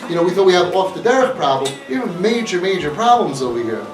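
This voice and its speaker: Sing-song and high-pitched, a male inspirational speaker rushes through an earnest, emphatic talk, hammering the same points repeatedly for his audience. A far-off mic picks him up in an echoey room with faint noise.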